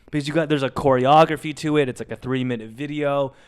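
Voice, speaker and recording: A man's voice: medium pitch, fast talker, clean tone. A young man, a podcast co-host, telling a long story casually and acting out what people said. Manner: animated storyteller acting out quotes.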